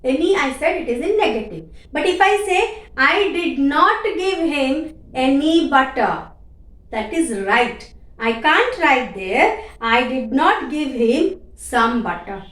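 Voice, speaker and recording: A woman's voice: high voice, very animated, takes it slowly, fairly bright tone, recorded from a distance. A woman teaching a grammar lesson, repeating key words and checking in with "okay?" as she explains. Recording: echoey room, voice off-mic.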